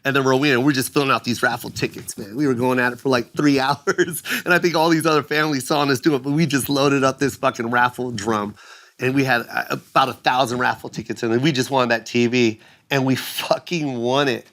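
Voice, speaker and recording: A man in his fifties, a guest comedian telling stories on a podcast in an animated, profane way. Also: medium pitch, fairly quick. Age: 50s. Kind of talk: podcast conversation.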